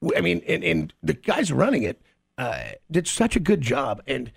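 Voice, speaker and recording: Gravelly, husky man rambling excitedly. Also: a little high, normal speed. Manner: rambling, stammering, laughs often. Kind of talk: casual chat.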